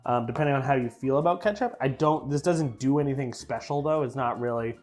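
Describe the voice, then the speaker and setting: A man's voice: medium pitch, brisk, darkish tone, faint music behind. Chatty man tasting sauces on camera. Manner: chatty and joking, trails off with fillers; playfully repeats and mispronounces words. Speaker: food reviewer. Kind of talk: casual food tasting vlog.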